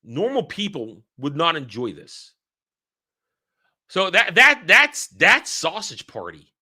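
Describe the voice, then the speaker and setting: A man tears into a film in a blunt, exasperated rant, swearing freely and hammering his points by repeating them. His voice is bright and forceful, sits a little high, and swings up and down in pitch. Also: wildly swooping pitch, takes it slowly, husky. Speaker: film reviewer. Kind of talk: ranting film review.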